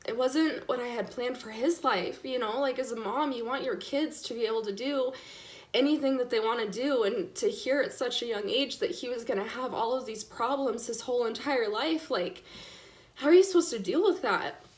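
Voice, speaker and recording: A woman's voice: fairly high pitch, moderate pace. Tearful young mother telling her story. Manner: frequent "like" and "um" fillers, candid. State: tearful, apologizing for crying. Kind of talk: emotional personal storytelling. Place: live stream.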